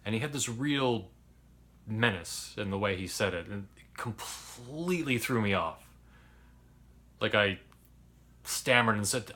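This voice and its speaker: A man's voice: on the low side, lively intonation, measured pace, long pauses, pushed and bright. A man casually telling a personal story as a podcast host, candid and rambling, swearing freely.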